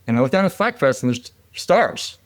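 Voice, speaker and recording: A middle-aged man, a former military helicopter pilot, telling a war story as a podcast guest in a casual, animated way, laughing and restarting often. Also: medium pitch, fairly quick, no room sound.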